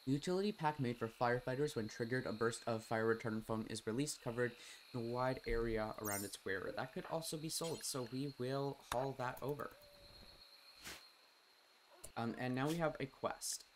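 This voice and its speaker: A man streaming a colony-building game, chatting and reading out game text, quickly exasperated with his colonists, swearing and then apologizing. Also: mid-range voice, a little hiss or hum. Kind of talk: casual gameplay commentary.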